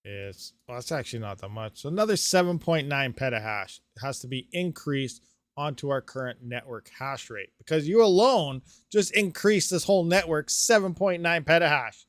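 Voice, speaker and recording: A man hosting a live stream, thinking aloud through calculations with excitable bursts and laughs. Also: on the high side, moderate pace, dry recording. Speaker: crypto mining streamer.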